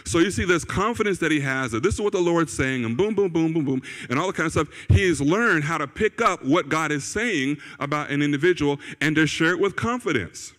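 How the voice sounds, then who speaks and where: Higher-voiced pastor preaching in a reverberant church. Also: male voice, animated, fairly quick, few pauses, a bit bright. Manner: conversational, repeats phrases for emphasis, asks "right?" and "okay?". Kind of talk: sermon. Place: church sanctuary. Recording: long reverb of a church hall.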